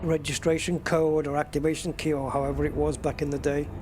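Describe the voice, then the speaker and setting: A man's voice: a little high, little pitch movement, fairly quick, music in the background. A man streaming a space game, chatting in a rambling, casual way and getting easily moved. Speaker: gaming streamer. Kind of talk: casual gameplay commentary.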